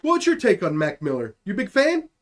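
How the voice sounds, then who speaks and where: High-voiced young guy riffing comedy. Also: wildly swooping pitch, brisk. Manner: riffing, acts out silly bits with put-on voices. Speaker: podcast co-host. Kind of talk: casual comedic chat.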